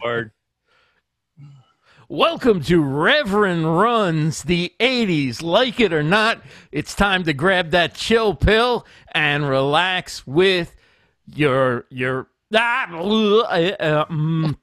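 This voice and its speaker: A man's voice: sits high, expressive, slow pace, a bit bright, no echo, clean studio sound. A man announcing the intro of an improvised comedy podcast, drawn out, restarting with laughs. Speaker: show announcer.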